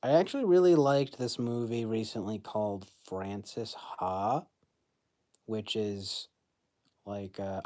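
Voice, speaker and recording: A man's voice: on the low side, takes it slowly, a little mellow. Rambling young man chatting on a stream. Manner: rambling, filler-heavy, laughs at his own jokes. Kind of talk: casual livestream chat. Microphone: phone.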